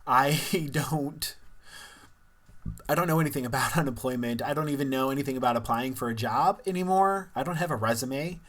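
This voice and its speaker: A man's voice: medium pitch, fairly quick, a bit bright. A young man from Missouri talking candidly in a casual personal vlog, rambling and laughing now and then. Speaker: vlogger.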